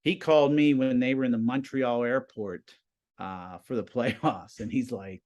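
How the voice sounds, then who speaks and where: A man in his fifties, a high school TV production teacher, telling stories casually as a guest and acting out the conversations he quotes. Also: moderate pace. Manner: animated, acts out quoted conversations. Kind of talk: casual storytelling.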